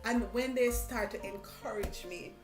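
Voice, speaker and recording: A middle-aged Jamaican woman hosting a motivational live stream, talking in an animated way, repeating phrases and laughing often. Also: a little high, a little slow. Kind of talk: casual interview chat. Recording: echoey room with faint music.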